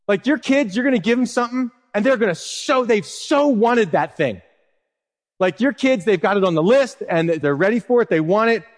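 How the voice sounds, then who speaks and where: A man in his thirties preaching a sermon as pastor, animated, swinging between lively stress and a hushed tone. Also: high-pitched. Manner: animated preaching, rising and dropping to a hush. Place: church sanctuary. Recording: long reverb of a large hall.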